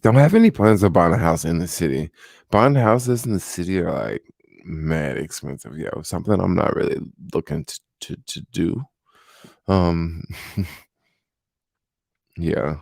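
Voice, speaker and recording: A tired young man hosting a casual late-night livestream, rambling and relaxed with many fillers, talking into a desk microphone at home. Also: low voice, a little slow, gravelly, pauses often, no room sound, clean studio sound. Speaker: livestream host. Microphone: desk microphone without headphones.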